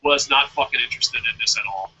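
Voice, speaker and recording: A man co-hosting a wrestling review show, swearing constantly and working himself up into shouted rants. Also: medium pitch, fast talker, slightly rough, low-quality recording. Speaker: wrestling podcast co-host. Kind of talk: profane ranting review.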